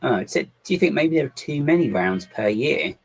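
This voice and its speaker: A man's voice: medium pitch, expressive, moderate pace, vocal fry, slightly rough, faint music behind, rough recording. A man chatting casually on a livestream as he builds LEGO, reading out viewers' comments and muttering his thoughts to himself. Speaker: LEGO builder streaming live.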